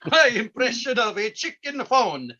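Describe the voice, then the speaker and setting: A man putting on a high, goofy old farm-show host. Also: very animated, bright, forceful tone, highs cut off, full character voice. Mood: folksy cheerful. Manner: corny, drawn-out, chuckling "ho ho ho". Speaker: stand-up comedian. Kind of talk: character stand-up bit.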